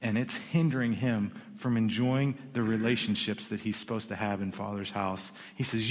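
A man preaches in a middle-pitched voice. He tells the story in a loose, chatty way, with asides and repeated starts. His words carry through a large hall with a long reverb. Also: normal speed, hardly any pauses. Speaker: pastor. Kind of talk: sermon.

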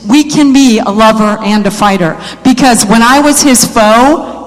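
A woman preaches a sermon in a church, her rather high voice carrying a long hall reverb. Speaking a little slowly, she shifts from easygoing, conversational talk to loud, repeated exhortations. She often poses questions to the congregation.

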